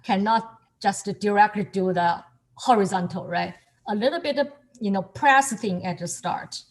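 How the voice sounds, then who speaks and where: Speaking at a normal pace with a medium-pitched voice, a calligraphy and Chinese teacher gives an online lesson. She patiently explains and cheers her student on while repeating each word.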